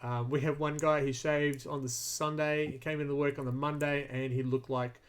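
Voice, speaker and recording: A man hosting a casual hobby podcast, chatty and loud, laughing often. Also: fairly high pitch, little pitch movement, normal speed, clean tone. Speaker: podcast host. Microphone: desk mic while streaming.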